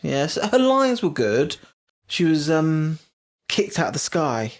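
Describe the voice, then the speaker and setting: A co-host in a relaxed podcast chat. They keep asking questions and pick up each new idea with curiosity. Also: mid-range voice, slow pace. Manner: curious, asks lots of questions. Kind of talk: casual chat.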